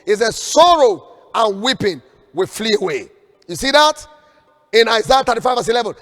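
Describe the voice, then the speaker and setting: A man preaching fervently as a prophet in an online prayer broadcast, urging viewers to repeat declarations after him. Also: very high voice. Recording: long hall reverb with faint background music.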